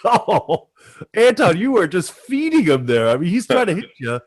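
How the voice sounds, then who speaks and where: A man hosting an interview in casual chat, excitable, laughing often and poking fun at himself. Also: high voice, moderate pace. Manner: excitable, laughs a lot, self-deprecating. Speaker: host.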